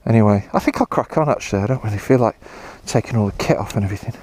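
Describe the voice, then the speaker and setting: A man's voice: on the low side, racing, a little mellow, slight background noise. An English man vlogging casually while riding a motorbike on country trails, rambling with dry self-mocking humour and casual swearing, a bit tired. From England.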